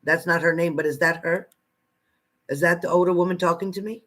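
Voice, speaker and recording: A man's voice: fairly high pitch, steady tone, brisk, pushed and bright. Chatty man giving psychic readings. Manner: chatty, repeats phrases, addresses viewers by name. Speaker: psychic reader. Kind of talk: live spirit-message readings to viewers. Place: at home.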